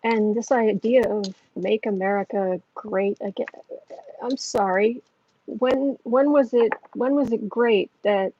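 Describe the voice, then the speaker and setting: Over a dull, lo-fi recording, a female tarot reader chats with her livestream audience and reads out their comments. She's earnest yet rambling, with frequent restarts, and her mid-range voice has a mellow quality.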